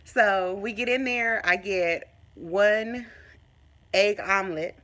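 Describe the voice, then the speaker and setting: Bright-voiced woman telling a story animatedly. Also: medium pitch, takes it slowly. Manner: animated storyteller who acts out what people said. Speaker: vlogger. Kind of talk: casual chat to camera. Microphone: phone.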